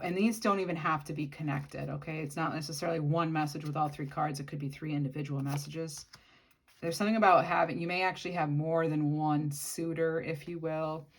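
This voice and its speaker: Low-voiced woman giving a tarot reading. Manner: musing, speaks to the viewer directly. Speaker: tarot reader. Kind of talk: casual channeled tarot reading.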